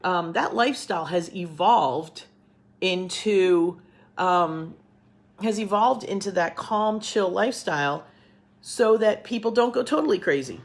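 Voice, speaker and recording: A woman's voice: fairly low pitch, unhurried. Chatty middle-aged woman talking to camera. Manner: chatty, rambling, upbeat. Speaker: cooking teacher. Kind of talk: casual talk to camera.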